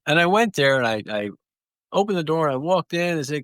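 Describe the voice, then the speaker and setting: A man's voice: a little high, lively intonation, fast, a bit bright, no room sound. A man telling stories in an interview, rambling through anecdotes with small restarts. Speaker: guest clownfish breeder. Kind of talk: relaxed storytelling.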